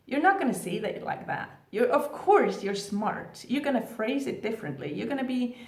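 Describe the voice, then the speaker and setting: A woman's voice: on the high side, very animated, moderate pace, darkish tone. A woman coaching on twin flames, talking casually to her viewers with many rhetorical questions and "like" fillers. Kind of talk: casual advice talk to camera. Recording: echoey room.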